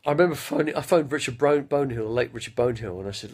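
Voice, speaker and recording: Slow, halting, and prone to losing his train of thought, a man in his fifties tells casual, rambling stories on a live stream. His voice is gravelly and husky at a medium pitch, with a mild stutter left by a head injury.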